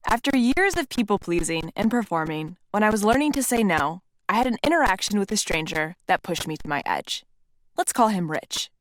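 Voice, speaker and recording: A woman narrates her own memoir, candid and conversational, with blunt swearing. Her voice sits at a middle pitch. The recording is dry and close. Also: lively intonation, moderate pace, dry recording. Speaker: author reading her own book.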